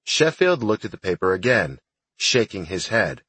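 A man narrating an audiobook in a steady, first-person storytelling style. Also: fairly low pitch, normal speed, husky, no echo.

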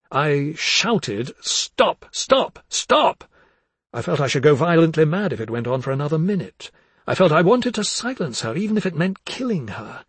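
A man reads a literary novel aloud with intense, dramatic delivery. His voice sits fairly high and has a husky edge. The recording is close and dry. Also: dry recording. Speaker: audiobook narrator. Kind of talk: literary audiobook narration.

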